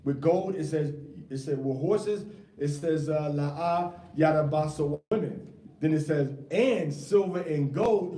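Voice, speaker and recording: A man's voice: on the high side, moderate pace, mellow. A man teaching a casual scripture class. He fires rhetorical questions at his students in a loose, slangy way. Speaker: Bible teacher. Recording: echoey room, mic far off.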